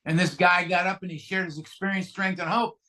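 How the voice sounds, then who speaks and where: A guest speaker at a recovery meeting, a man from California, USA, shares his story candidly and pokes fun at himself. His voice is high for a man, bright and forceful, with fairly even intonation and a slightly fast pace. He speaks plainly and frequently restarts his sentences.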